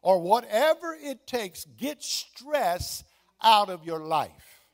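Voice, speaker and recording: A man's voice: high voice, very animated, slow, voice pushed up, heavily acted. A man voicing an earnest male doctor who insists on firm advice, in a sermon. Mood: insistent.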